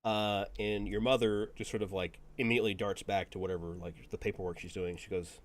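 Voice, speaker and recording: A man's voice: lowish voice, fairly even intonation, fairly quick, hardly any pauses. A man narrating as game master of a tabletop game, rambling with lots of fillers. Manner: rambling, full of fillers and laughs.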